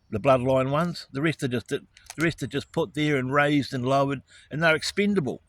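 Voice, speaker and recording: A man's voice: fairly high pitch, a bit bright. A man, ranting in an angry, profane monologue about righteous indignation. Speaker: vlogger.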